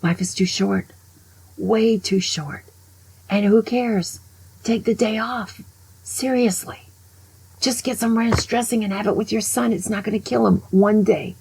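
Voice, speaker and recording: A woman over sixty-five telling a story in an animated monologue, dropping to a hushed voice when she quotes someone. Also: medium pitch, a little slow, gravelly, a little hiss or hum, poor audio. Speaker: vlogger.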